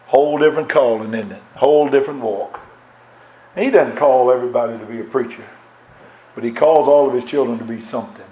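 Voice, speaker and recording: A man's voice: mid-range voice, brisk, echoey room, muffled recording. A man preaching a sermon in an impassioned cadence that swells and drops.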